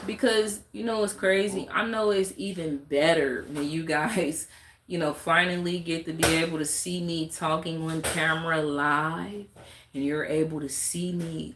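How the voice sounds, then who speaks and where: Woman, live-stream rant, blunt and exasperated, lowish voice, roomy echo. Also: moderate pace, a bit bright, slight background noise.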